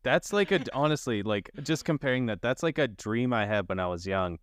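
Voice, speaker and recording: A man's voice: medium pitch, animated, a little fast, clear, resonant tone, no room sound. A man co-hosting a podcast, rambling through an anecdote and reacting with short agreements. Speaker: podcast co-host. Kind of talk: casual chat.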